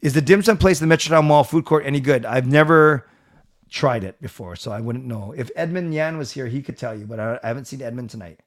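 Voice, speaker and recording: A middle-aged man hosting a live stream, reading viewer comments aloud and answering them in a relaxed, chatty way. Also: mid-range voice, fast. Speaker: livestream host reading chat. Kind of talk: casual chat.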